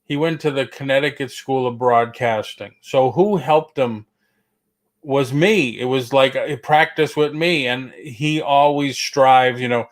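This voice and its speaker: A man from Boston talks in a loose, chatty way on a casual live stream, his accent plain in every vowel. His voice sits at an everyday middle pitch, and he keeps the stories rolling. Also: fairly even intonation, unhurried. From Boston area. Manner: chatty, storytelling, slips into quoted voices. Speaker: co-host.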